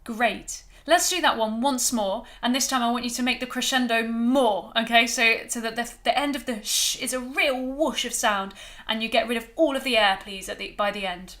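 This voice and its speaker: A woman leading a choir rehearsal, gently coaching breathing and warm-up exercises and counting breaths aloud. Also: fairly high pitch, normal speed, hardly any pauses. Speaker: choir director.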